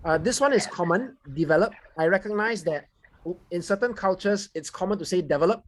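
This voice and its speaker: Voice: medium pitch, a little fast. A speaker with a Singaporean accent giving a language evaluation on a video call and correcting grammar and pronunciation. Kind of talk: club speech evaluation.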